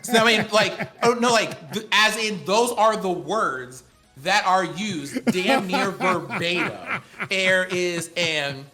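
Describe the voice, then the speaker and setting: A man's voice: sits high, takes it slowly, sharp tone, soft background music. A man co-hosting a tech podcast in casual chat, explaining things at length with enthusiasm. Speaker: podcast co-host.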